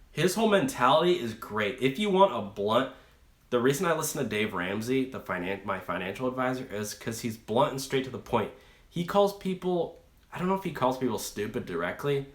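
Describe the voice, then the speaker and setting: A man's voice: medium pitch, a bit bright. A young man hosting a rideshare channel, chatting casually on a live stream and rambling through a story with many fillers and restarts. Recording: echoey room.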